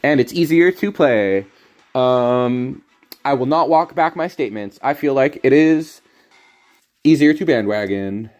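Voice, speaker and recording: A man's voice: medium pitch, lively intonation, a little slow, a little mellow, lo-fi sound. A young American man casually commenting on his card game while reading and answering chat, joking and chatty. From American South. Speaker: streamer.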